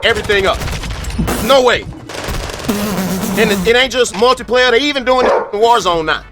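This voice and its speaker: A man's voice: very high-pitched, moderate pace, background noise. A man giving blunt, frustrated commentary about a game, swearing casually. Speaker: gaming commentator in a played clip. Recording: music playing clearly underneath.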